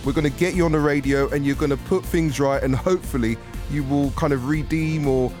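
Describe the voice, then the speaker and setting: A man's voice: on the high side, fairly even intonation, brisk, over music. Easygoing male radio host. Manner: friendly, hesitant with fillers. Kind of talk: casual radio chat.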